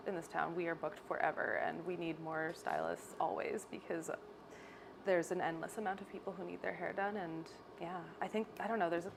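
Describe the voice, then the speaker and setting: A young woman with a Canadian accent, a salon owner chatting in an interview, bubbly and animated, often laughing as she tells stories. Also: on the low side, brisk, vocal fry, background noise. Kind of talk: casual interview chat. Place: hair salon.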